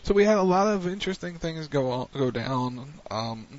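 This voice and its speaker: A man's voice: fairly high pitch, expressive, moderate pace, darkish tone, no echo. A man hosting a wrestling recap show on internet radio, chatting casually and rambling with lots of fillers. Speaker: wrestling podcast host. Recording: muffled lo-fi radio stream.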